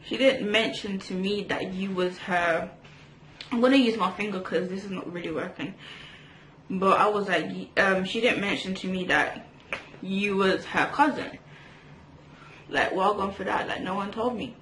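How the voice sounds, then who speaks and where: A woman's voice: mid-range voice, moderate pace, fairly bright tone. A young woman from England, telling a rambling storytime while doing her makeup, full of fillers and restarts. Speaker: vlogger. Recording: echoey room with faint hiss.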